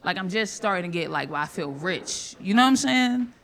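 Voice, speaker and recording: A woman performing a live stand-up set on a comedy club stage, brash and profane, with sudden loud outbursts. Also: on the low side, animated, a little fast, a little hiss or hum.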